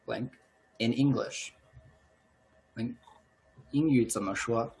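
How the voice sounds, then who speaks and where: A male language teacher giving a lesson, switching between two languages and repeating each phrase slowly and patiently. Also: mid-range voice, darkish tone, poor audio.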